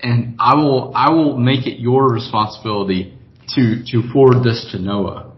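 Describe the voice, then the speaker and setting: A man's voice: mid-range voice, steady tone, moderate pace, muffled recording, a little hiss or hum. A young man, a podcast co-host in casual chat, who teases the others, swears freely and laughs a lot. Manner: teasing, profane, laughs a lot.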